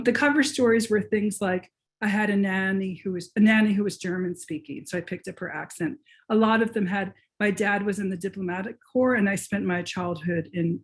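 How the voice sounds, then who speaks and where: A woman author and professor answering questions in a virtual lecture, talking eagerly and restarting her sentences as she thinks aloud. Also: mid-range voice. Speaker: author and professor being interviewed. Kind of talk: conversational lecture Q&A. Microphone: video call.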